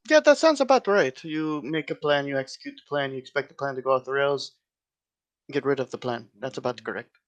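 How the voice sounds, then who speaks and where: A man's voice: medium pitch, level tone, fairly quick, highs cut off. A man playing a tabletop game, blunt and casual, who swears freely. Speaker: player.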